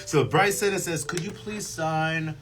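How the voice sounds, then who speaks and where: A man hosting a live signing stream in a casual, joking manner, playful and quick to put on silly voices. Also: fairly high pitch, a bit bright. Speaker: stream host.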